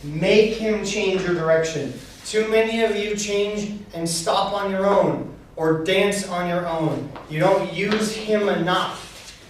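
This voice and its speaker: A man's voice: high-pitched, slow. A man leading a dance class recap, explaining technique and chanting beats to show the rhythm. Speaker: dance instructor. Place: dance studio. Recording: very echoey room, mic far off.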